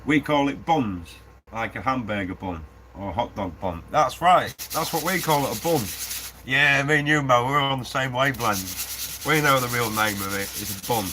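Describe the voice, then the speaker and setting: A man builds a prop during a casual live stream, chatting with viewers, laughing often, and reading the chat out loud. His mid-range voice moves at a normal speed, set against a noisy workshop full of sanding and the hum of a 3D printer.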